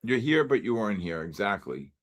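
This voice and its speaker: A man's voice: lowish voice, sing-song, fairly quick, a little hiss or hum. A man hosting a live trading stream, calling out viewer names one by one like an auctioneer. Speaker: livestream host.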